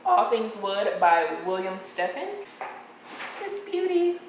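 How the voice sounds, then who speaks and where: A woman in her late twenties talking to her vlog camera at home in a relaxed, soft-spoken way. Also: medium pitch, slow pace. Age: late 20s. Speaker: vlogger. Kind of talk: casual vlog narration. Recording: echoey room with background noise.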